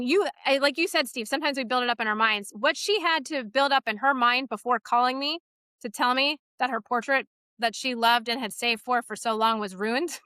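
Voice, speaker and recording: A woman co-hosting a podcast, telling stories in an animated way and laughing often as she runs a photography studio. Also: a little high, clean tone, dry recording. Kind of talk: casual podcast chat.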